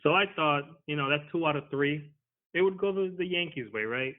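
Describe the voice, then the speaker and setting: A man's voice: a little high, fairly quick. An easygoing man talking sports as a podcast guest. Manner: easygoing, conversational. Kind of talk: casual podcast chat. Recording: tinny phone-like line.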